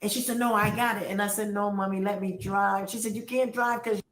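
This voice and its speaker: A livestream guest tells a family story emphatically and with animation, performing the other people's voices as she goes. Her pitch is in the middle and she talks a little fast. The recording has a roomy echo plus a little hiss or hum.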